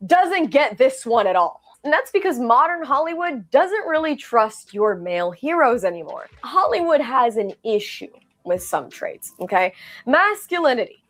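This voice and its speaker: A woman delivering scripted commentary in an emphatic, animated way. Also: high-pitched, moderate pace.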